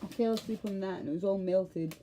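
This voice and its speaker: Her voice is medium-pitched and warm, moving at a quick pace, with a bit of background noise behind it. She's a Scottish vlogger in a casual monologue to camera, ranting hotly, rambling, cursing and cutting herself off partway through ideas.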